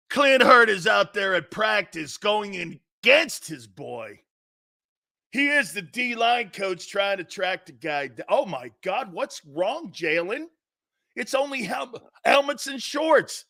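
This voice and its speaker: A man hosting a sports talk show, shouting, taunting and laughing in a wildly excitable, mocking way. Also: high voice, slow pace, vocal fry.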